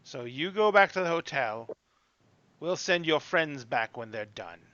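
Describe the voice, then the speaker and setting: A man's voice: on the high side, expressive, measured pace, pushed and bright, dry recording, highs cut off. A man doing a curt, dry forge master.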